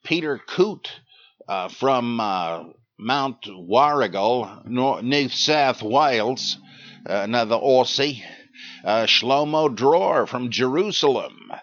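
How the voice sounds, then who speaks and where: An older podcast host reads out listener names and questions, rambling with dry asides and many hesitations. His mid-range voice is animated, slow, and fairly bright, in a dry recording with a dull lo-fi quality.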